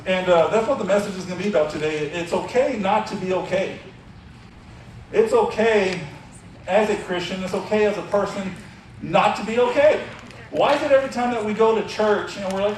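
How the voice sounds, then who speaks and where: A man's voice: sits high, moderate pace, slight background noise. A man giving a casual, conversational sermon as youth pastor. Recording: echoey room from far off.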